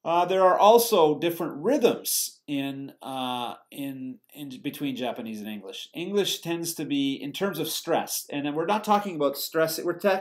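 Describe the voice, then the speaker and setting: A man teaching a lecture, explaining step by step in a steady way, with fillers and self-corrections. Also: a little high. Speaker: English teacher giving a lecture. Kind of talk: recorded lecture.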